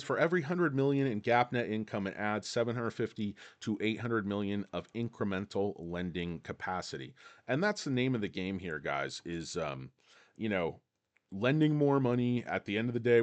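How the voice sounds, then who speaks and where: Give me a low-voiced man reading through market news and wandering off into jokes. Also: a little mellow. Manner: rambling, joking, reads articles aloud with asides. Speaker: stock market commentator. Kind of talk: casual video commentary.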